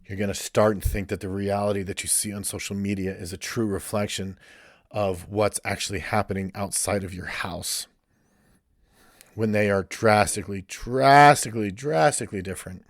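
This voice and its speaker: A man's voice: fairly low pitch, fairly even intonation, a little fast, dry recording, studio quality. A male counselor giving a blunt, ranting podcast monologue and swearing freely.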